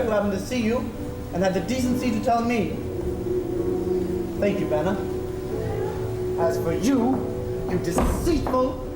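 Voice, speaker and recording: An actor on stage playing a frantic, jilted man who demands to be married now, theatrical and exasperated. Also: high-pitched. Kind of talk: stage play acting. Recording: roomy stage sound from far off, music behind.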